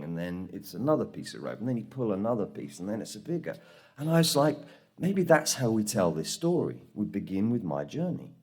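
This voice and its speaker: A man from England telling the story of making his documentary in a conference talk, acting out the people he quotes. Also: fairly low pitch. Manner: animated storytelling, acts out quoted voices. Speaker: conference speaker. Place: conference room.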